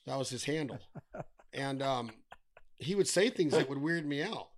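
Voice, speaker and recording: A man's voice: mid-range voice, lively intonation, normal speed. A middle-aged man talking casually as a podcast guest, blunt and given to swearing, ranting with wry humor. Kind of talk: casual chat.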